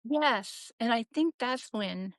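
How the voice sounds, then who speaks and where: A woman's voice: on the high side, animated, slow, no room sound. A middle-aged woman as a podcast guest, candidly telling her story in an earnest, reflective way and acting out the voices she quotes.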